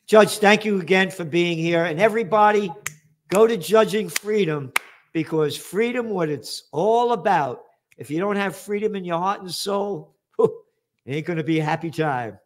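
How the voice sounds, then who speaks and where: A man's voice: sits high, moderate pace. A male host of a political interview show, ranting in a sarcastic, emphatic way.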